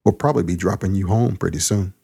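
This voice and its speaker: A man's voice: low-pitched, fast, gravelly, dark tone, husky, full character voice. A man voicing a laid-back young male medic who talks in easygoing slang.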